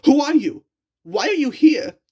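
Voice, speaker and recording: A woman voicing a grumpy young male tank engine from a children's storybook, with a whiny, high-strung manner. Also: sing-song, slow, slightly rough, muffled recording, full character voice. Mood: terrified.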